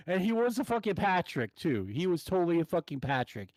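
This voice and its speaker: A man calling in to tell a profane, heated story in an animated way. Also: high voice, a little fast, no room sound, low-quality recording. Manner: animated, swears constantly, heated. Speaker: caller telling a story.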